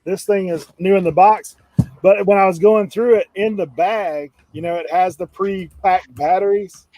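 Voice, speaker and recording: A man's voice: sits high, steady tone, normal speed, a little mellow, dry recording, poor audio. A man chatting casually, telling stories and laughing often. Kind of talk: casual chat.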